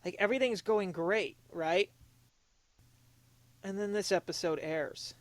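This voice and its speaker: High-voiced earnest young man. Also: no echo. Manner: earnest, halting, with many restarts; emotionally open, confessional. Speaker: podcast co-host. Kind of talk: casual podcast talk.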